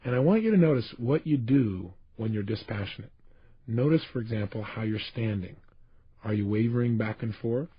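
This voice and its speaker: A man's voice: fairly low pitch, lively intonation, moderate pace, slightly rough, no room sound. A man speaking as a motivational speaker on a recorded self-help tape, passionate and emphatic, addressing the listener directly. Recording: dull lo-fi tape.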